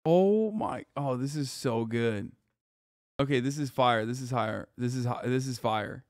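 A man streaming casual reaction commentary, animated and swearing a lot. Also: medium pitch, a little slow, over music.

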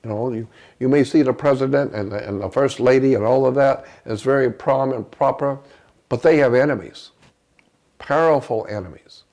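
A man being interviewed as a guest, earnestly recounting a personal story in a halting way, often restarting his sentences. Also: mid-range voice, darkish tone.

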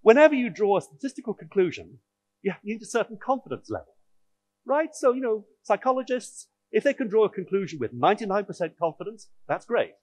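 A man's voice: sits high, sing-song, brisk, a little mellow. A man giving a technical conference talk, explaining in a wry, audience-directed way. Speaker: conference speaker.

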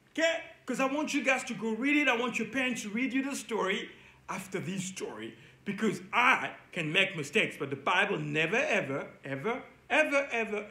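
A man teaching a children's Bible lesson indoors, energetic and playful, leading the kids in call-and-response. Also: high voice, roomy sound. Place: indoor room.

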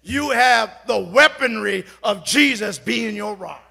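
A man preaching a fiery church sermon, moving from quiet storytelling into shouted exhortation to the congregation. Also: sits high, expressive, takes it slowly, gravelly, breathy edge, soft background music. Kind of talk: Pentecostal-style sermon. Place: large church sanctuary. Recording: long church hall reverb, congregation faintly heard.

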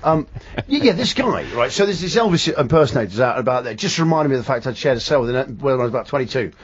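A man's voice: mid-range voice, big pitch swings, fast, slightly rough. A man hosting a radio show, telling a rambling story and mimicking the sounds and voices in it. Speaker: radio host. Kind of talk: casual chat. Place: radio studio. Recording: dull radio broadcast audio.

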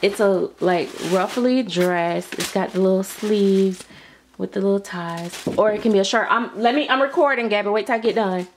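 A woman's voice: medium pitch, moderate pace. A woman unboxing mail at home, gushing and gasping as she chatters. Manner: gushing, excitable, gasping and repeating phrases. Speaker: vlogger opening mail. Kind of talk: casual unboxing chat. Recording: noisy home recording.

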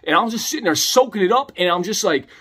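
A man's voice: high-pitched, animated, quick pace, bright, forceful tone, husky. A young man telling a comedic story in a laid-back, slangy way, calling the listener homie and dog.

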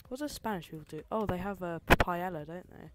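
A woman's voice: fairly low pitch, expressive, a little fast, over loud music. A young woman streaming a game, reacting with exasperation and chatting with her viewers. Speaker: streamer playing level requests. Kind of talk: casual live-stream commentary.

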